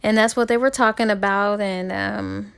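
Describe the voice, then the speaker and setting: Gravelly-voiced woman retelling a story. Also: mid-range voice, fairly even intonation, moderate pace, a bit bright. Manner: chatty, storytelling, frequent fillers and restarts. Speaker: book reviewer. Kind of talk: casual plot retelling.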